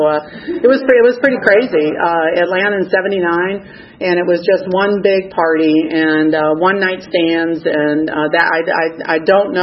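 A woman's voice: lowish voice, slightly rough, dull audio. A woman in her sixties giving a frank, rambling personal testimony at a recovery meeting, full of fillers and restarts. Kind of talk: personal testimony, casual storytelling.

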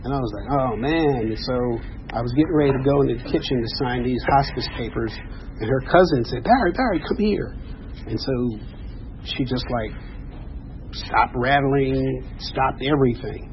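A man's voice: medium pitch, fairly even intonation, normal speed. A man giving a personal testimony at a recovery meeting, telling his story earnestly and acting out the dialogue. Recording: dull lo-fi sound, faint hiss.

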